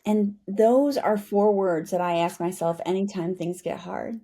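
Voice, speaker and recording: A woman's voice: mid-range voice, fairly even intonation, unhurried, dark tone. A middle-aged woman from the United States, a retired Army pilot, telling her story as a guest and often asking "right?". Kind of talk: storytelling interview.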